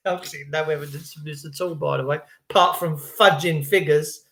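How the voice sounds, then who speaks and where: A man's voice: fairly high pitch, lively intonation, a little fast, hardly any pauses, fairly bright tone. Rambling man in an echoey room. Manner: jokey, conspiratorial, digressive. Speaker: livestream vlogger. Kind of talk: rambling live-stream monologue.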